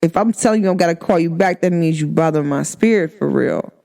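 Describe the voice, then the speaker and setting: A woman's voice: on the low side, brisk, vocal fry, mellow. A woman talking candidly to her viewers in a casual vlog chat, emphatic and full of slang. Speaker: vlogger.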